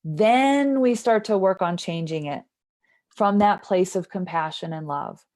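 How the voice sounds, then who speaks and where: A woman with a medium-pitched, darkish voice speaks unhurriedly as an interview guest. She's a somatic trauma therapist explaining things earnestly, frequently checking in with "right?".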